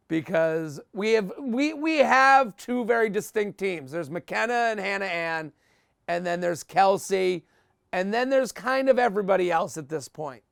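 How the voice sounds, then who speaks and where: A young adult man delivering a sarcastic comic recap of a TV episode, breaking into mocking, shouted impressions. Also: sits high, creaky, clean tone, dry recording, clean studio sound.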